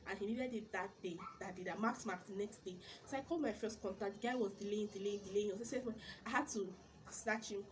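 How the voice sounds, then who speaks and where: A young woman with a Nigerian accent telling her business stories in a casual vlog, animated, exclaiming and repeating words for emphasis. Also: mid-range voice, a little fast, a little hiss or hum. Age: young adult. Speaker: vlogger.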